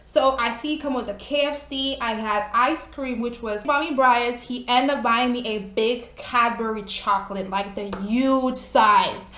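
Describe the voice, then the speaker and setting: A young woman tells a storytime in an animated, exclamatory way, chatty and cursing now and then. Her voice sits a little high. The room around her is echoey. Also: unhurried, hardly any pauses. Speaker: vlogger. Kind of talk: casual storytime.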